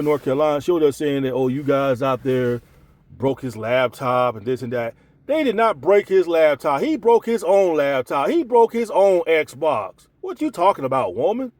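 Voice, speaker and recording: A man's voice: high-pitched, a little mellow, no echo. A man giving an exasperated commentary rant, repeating himself and firing rhetorical questions. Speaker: commentary channel host. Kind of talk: ranting commentary.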